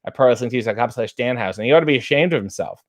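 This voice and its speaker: A man's voice: medium pitch, animated, rapid-fire. A man hosting a casual live chat, reading viewer questions and answering with wry, self-mocking jokes.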